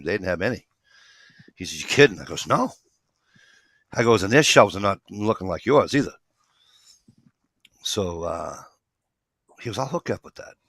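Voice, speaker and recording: Deep gravelly man rambling through a story. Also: no room sound, studio quality. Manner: rambling, retells dialogue, swears casually. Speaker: podcast co-host. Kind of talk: casual chat, storytelling.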